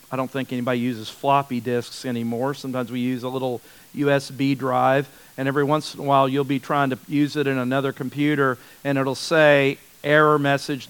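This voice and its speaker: A man's voice: mid-range voice, fairly bright tone, clean tone, poor audio. A man teaching a Bible study in a conversational way, often repeating words for emphasis and restarting his sentences.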